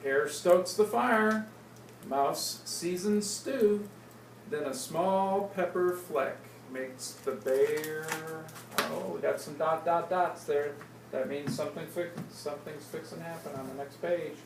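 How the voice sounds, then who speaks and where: A woman reads a picture book aloud to small children, taking her time and quizzing them about what comes next. Her voice sits on the low side and is unhurried. She is heard from a distance in a roomy space with noise beneath. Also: creaky. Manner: slow, playful, asks the kids questions. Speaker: storyteller reading to children. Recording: roomy, distant, noisy home recording.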